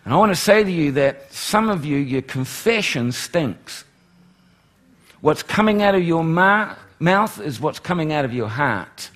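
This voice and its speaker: Animated preaching man, higher voice. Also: normal speed. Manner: animated preaching, swings from loud exclamations to hushed pleading. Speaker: pastor. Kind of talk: sermon.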